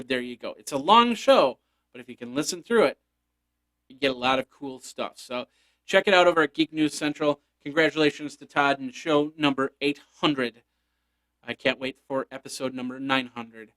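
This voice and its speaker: A man's voice: medium pitch, a bit bright. A man hosting a tech news podcast, reading a sponsor spot and chatting through geek stories with playful, rambling asides. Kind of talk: casual solo news chat with ad read.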